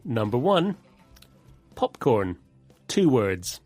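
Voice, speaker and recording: A man co-hosting a scripted English vocabulary lesson, explaining in a clear, deliberate way. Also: medium pitch, sing-song, darkish tone, soft background music. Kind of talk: scripted teaching dialogue.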